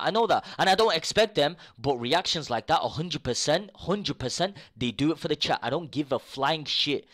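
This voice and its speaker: A young man live-streaming, ranting to his chat in casual talk, swearing freely and repeating himself, jumping between low mutters and loud outbursts.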